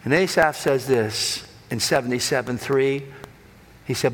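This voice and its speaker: A man preaching a sermon, swinging between loud emphatic lines and hushed low ones. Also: unhurried. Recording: long hall reverb.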